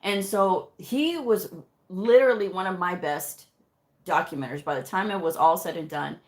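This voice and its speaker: Animated woman storyteller with a lowish voice. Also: normal speed. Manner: animated, acts out dialogue in her stories, laughs often. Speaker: medical coding educator. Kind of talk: casual storytelling livestream.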